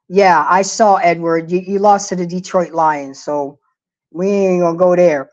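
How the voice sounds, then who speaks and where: A woman's voice: on the low side, steady tone, normal speed, darkish tone. A middle-aged woman hosting a casual livestream, talking emphatically and preaching to her viewers while greeting the chat. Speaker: livestream host. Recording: lo-fi dull audio.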